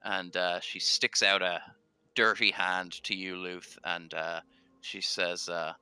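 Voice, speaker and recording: A man narrates a tabletop game as its game master, hesitant and full of fillers. His voice is deep yet bright and very clear, recorded in a dry space. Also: little pitch movement, slow, no room sound.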